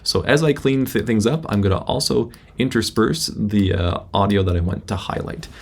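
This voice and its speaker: Speaking into his laptop's built-in microphone in an indoor room, a male instructor walks through a screen-recorded software tutorial. He stops and restarts often in a casual, halting way, his voice heavy with fry and a little mellow.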